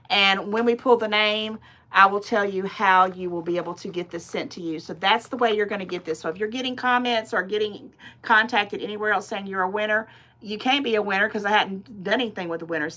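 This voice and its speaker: Middle-aged female host, bright voice, rambling, casual livestream chat. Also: mid-range voice. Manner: chatty, rambling, digressive. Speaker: channel host.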